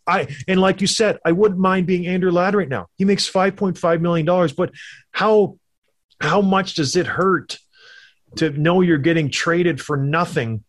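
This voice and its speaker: A former hockey player co-hosting a casual sports chat, telling stories animatedly and acting out quotes. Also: male voice, sits high, a little slow. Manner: animated storyteller, acts out quotes.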